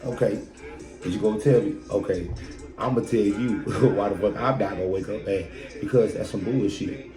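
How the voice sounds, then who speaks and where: A man with a lowish voice speaks at a moderate pace as he hosts a podcast. He delivers a blunt, profane motivational monologue loaded with rhetorical questions. The space echoes, and loud music plays in the background.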